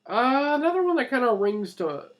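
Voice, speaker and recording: A man's voice: extremely high pitch, very animated, moderate pace. A man answering viewer questions in a casual vlog, rambling with lots of fillers and restarts, while he is ill. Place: at home with cats.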